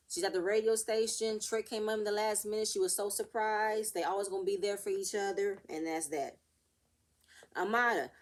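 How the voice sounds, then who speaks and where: A young woman casually recapping a reality TV episode, ranting and acting out the cast's arguments in an animated way. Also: mid-range voice. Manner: animated, rants and acts out the cast's quotes.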